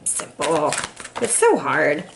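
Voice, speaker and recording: A young adult woman giving a casual tarot reading in an animated, sassy, playful way, laughing often. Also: sits low, slow pace, gravelly, slight background noise. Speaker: tarot reader.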